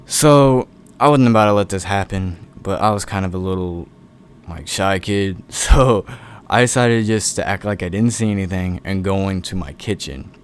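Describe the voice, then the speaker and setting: A man's voice: low-pitched, normal speed, smooth. A young man casually telling a long personal story, laid-back and rambling, with lots of swearing.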